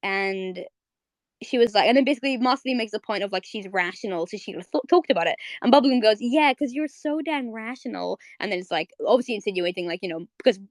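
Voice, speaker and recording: A young woman hosts a casual live audio chat, talking excitably and circling back with many restarts. Her pitch sits in the middle, and the room sounds dry and close. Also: fast, no echo. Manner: rambling, fillers and restarts, excitable. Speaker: host. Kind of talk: casual chat recapping a cartoon episode. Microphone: streaming audio mic.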